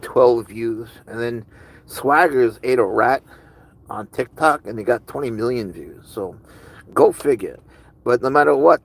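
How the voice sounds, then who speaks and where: A man's voice: mid-range voice, a little hiss or hum, low-quality recording. Man, live streamer, casual chat, rambling, curious, answering comments.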